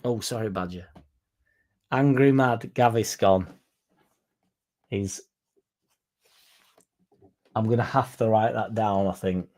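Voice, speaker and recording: Young Yorkshire man, chatty fan host, laddish and crude, warm low tone. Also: steady tone, measured pace, pauses often. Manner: sweary, laddish and jokey. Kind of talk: casual chat.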